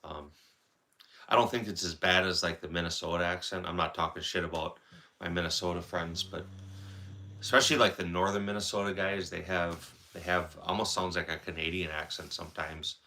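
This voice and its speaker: A man's voice: low voice, steady tone, brisk, bright, forceful tone, slight background noise. A man from Wisconsin with a Wisconsin accent, congested and with a sore throat, chatting casually on a livestream and reading out viewer comments. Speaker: livestream host. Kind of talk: casual live-stream chat.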